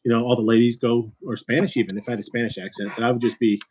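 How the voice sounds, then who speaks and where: A man's voice: medium pitch, level tone, rapid-fire, a little mellow, slightly rough. A man from Illinois hosting a casual chat, rambling and joking as he talks. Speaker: host.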